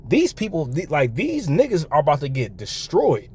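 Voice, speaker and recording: A man giving a reaction commentary and reading scripture, talking in an animated way with repeated words, restarts and laughs between remarks. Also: a little high, normal speed, breathy edge. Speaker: online commentator.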